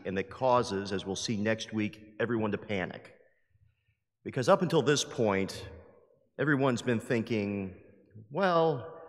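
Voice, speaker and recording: Emphatic preacher man in a reverberant church. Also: lowish voice. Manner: lively, emphatic, acts out quoted voices. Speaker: priest. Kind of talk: sermon. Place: large church. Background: long hall reverb.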